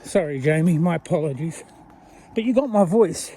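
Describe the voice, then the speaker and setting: A man's voice: fairly high pitch, lively intonation, moderate pace, warm tone. An Australian man talking casually to a viewer while walking outdoors along a road, rambling and self-deprecating. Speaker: vlogger. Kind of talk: casual walking vlog talk.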